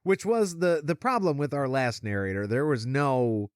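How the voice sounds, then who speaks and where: A man co-hosting a podcast, chatting casually, animated, and laughing often. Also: medium pitch, moderate pace, smooth, dry recording, studio quality. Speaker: podcast co-host. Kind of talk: casual chat.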